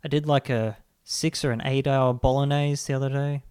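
A man hosting a podcast, telling rambling, animated stories and swearing freely. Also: mid-range voice, normal speed, clear, resonant tone, no echo, clean studio sound. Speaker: podcast host. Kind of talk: casual comedic chat.

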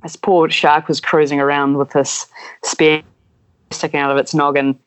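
A man, a podcast guest telling animated stories and acting out voices in them. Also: fairly high pitch, normal speed, clean tone, poor audio. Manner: animated, acts out voices in anecdotes. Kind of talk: casual storytelling.

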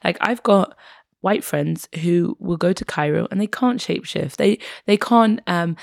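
A woman's voice: fairly low pitch, creaky, no echo, studio quality. A British woman talking as a podcast guest, emphatic and passionate, now and then swearing for emphasis. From Britain. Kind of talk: conversational interview.

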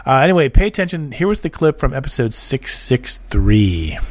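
A man's voice: mid-range voice, sing-song, normal speed, over music. A man with a nasal voice hosting a podcast segment, stumbling over his words now and then. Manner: stumbles, restarts sentences. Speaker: podcast host. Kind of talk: casual chat.

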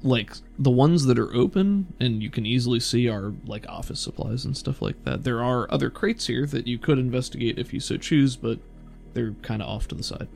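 Gravelly-voiced man running a tabletop game. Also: medium pitch, faint music behind. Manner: relaxed, halting, full of fillers. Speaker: game master.

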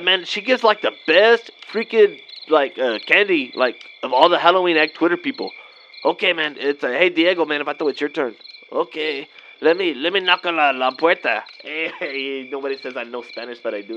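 A man in his thirties, his high voice pushed and bright, improvises comedy in an easygoing slacker drawl and keeps tossing in "man" and "vato." The recording is lo-fi and dull, carrying faint night noise.

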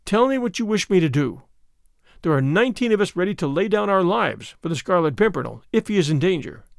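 A man voicing a loyal, earnest young gentleman speaking formally. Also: sits high, big pitch swings, fairly quick, gravelly, no echo, clean studio sound, full character voice.

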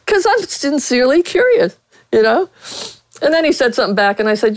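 A woman's voice: high voice, big pitch swings, brisk, no echo, low-quality recording. A middle-aged woman from Pittsburgh, a veteran sportswriter, telling frank stories with a blunt, candid manner as an interview guest.

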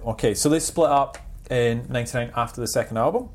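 A man hosting a podcast, steering the chat and reading quotes aloud. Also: medium pitch. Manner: leads topics, reads quotes aloud, quick reactions. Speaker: podcast host.

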